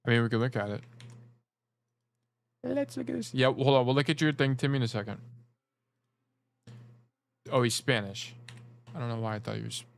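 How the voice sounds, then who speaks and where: A man of middling pitch coaches players over a casual livestream. He rambles and jokes as he goes, with plenty of swearing. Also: expressive, moderate pace, gravelly, long pauses. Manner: rambling, joking and profane. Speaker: game coach.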